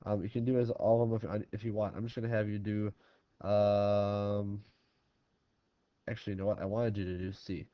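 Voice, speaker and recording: A man's voice: on the low side, flat delivery, moderate pace, no echo. A man teaching a recorded math lesson in a casual way, talking through problems step by step. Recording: dry, slightly dull lo-fi recording.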